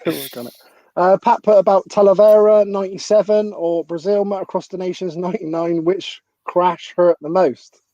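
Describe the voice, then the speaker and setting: A man's voice: high voice, steady tone, normal speed, dark tone, dry recording, highs cut off. Chatty male interview host, dry sound. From United Kingdom. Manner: chatty, laughs often. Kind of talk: casual interview hosting, reading viewer questions.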